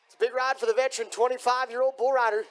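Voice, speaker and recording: A man announcing a live bull riding event in an arena, booming and hyping up the crowd. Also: level tone, very fast. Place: rodeo arena.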